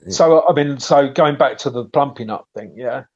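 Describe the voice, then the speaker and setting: A man from England chats as a podcast guest, spinning blunt, sweary stories with plenty of false starts. His voice sits at an ordinary middle pitch, and the sound is slightly dull and lo-fi. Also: moderate pace, darkish tone. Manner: chatty storyteller, frequent swearing and restarts. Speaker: podcast guest, bait maker. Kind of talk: casual podcast chat.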